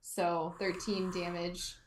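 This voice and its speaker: A woman's voice: on the low side, flat delivery, takes it slowly, roomy sound, background noise. A woman playing a tabletop game, hesitant and full of fillers as she works out her turn. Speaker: player. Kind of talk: tabletop role-play.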